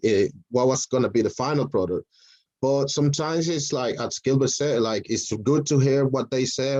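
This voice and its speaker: A man's voice: medium pitch, mellow, no room sound, dull audio. A man with a Spanish accent in a casual group video call, talking hesitantly with many fillers and restarts. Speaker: mentoring session participant.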